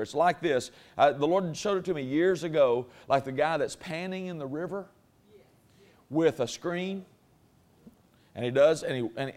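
High-voiced folksy man preaching. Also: darkish tone. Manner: folksy, conversational preaching that builds in force. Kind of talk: sermon. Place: church before a congregation.

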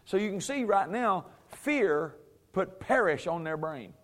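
Male preacher, high-pitched, conversational Bible teaching, frequent chuckles, sarcastic humor with firm emphasis. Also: very animated, a little slow.

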